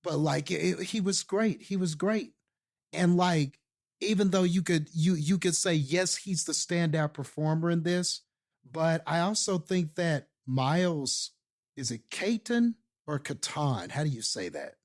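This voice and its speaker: A man's voice: fairly high pitch, a little slow. A man co-hosting a casual movie review podcast, enthusiastic and rambling, with many fillers and restarts. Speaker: podcast co-host.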